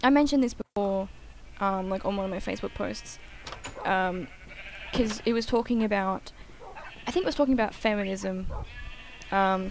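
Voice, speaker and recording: Gravelly, blunt young woman chatting. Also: medium pitch, a little hiss or hum, low-quality recording. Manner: chatty and rambling, frequent "like" and "um"; blunt and opinionated. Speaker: gaming channel co-host. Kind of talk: casual chat while gaming.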